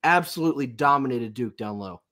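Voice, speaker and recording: A man hosting a sports podcast with a raspy, under-the-weather voice, enthusiastic and emphatic. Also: mid-range voice, lively intonation, fairly quick, a bit bright. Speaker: podcast host.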